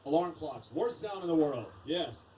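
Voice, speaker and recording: A man with a fairly high voice chats casually on a live stream as a beatboxer. He talks in an offhand, joking way between his vocal sound effects. He sits some distance from the mic. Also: lively intonation, normal speed, warm tone, a little hiss or hum.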